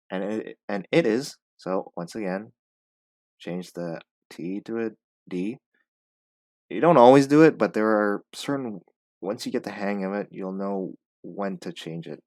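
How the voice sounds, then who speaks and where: In this pronunciation lesson, a low-voiced male English teacher reads a passage, pausing frequently to say individual words slowly and break down their sounds. There's no echo; the audio is dry and close-up with no room around it.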